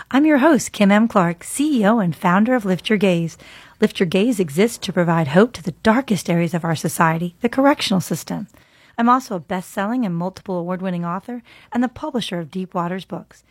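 A woman's voice: mid-range voice, lively intonation, a little fast, husky, no echo. A woman hosting a faith podcast, reading scripture and musing in an earnest way, at times dropping into a whisper. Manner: earnest, musing aloud, shifts into soft whispers. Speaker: podcast host.

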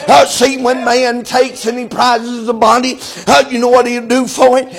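A man preaching a sermon, in a chanting cadence full of "uh" fillers, sometimes shouting. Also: extremely high pitch, flat delivery, moderate pace.

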